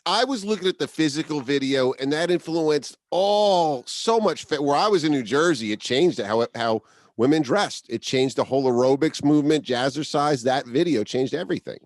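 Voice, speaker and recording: A man's voice: a little high, moderate pace, no room sound. A man hosting a casual interview over a video call, often chiming in with short affirmations. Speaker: podcast host.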